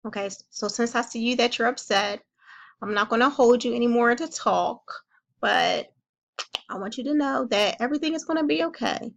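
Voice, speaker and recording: A woman playing a calm, caring counselor who gently comforts and reassures a young child in a role-played session. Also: on the high side, normal speed, vocal fry. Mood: soothing.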